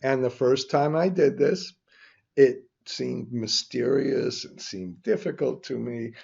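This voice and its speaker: This finance instructor is an older man whose mid-range voice is gravelly and a little mellow, with a breathy edge, and he takes his time. His spreadsheet lesson, screen-recorded on dull lo-fi audio, wanders through grumbling asides and frequent restarts.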